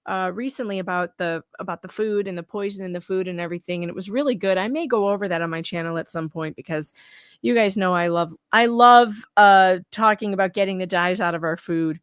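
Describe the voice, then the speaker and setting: A woman's voice: medium pitch, a little fast, fairly bright tone, clear, resonant tone, no echo. Emphatic woman commentator, dry close sound. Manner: emphatic, indignant, repetitive lists. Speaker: YouTube commentator, guest co-host. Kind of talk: casual live-stream chat.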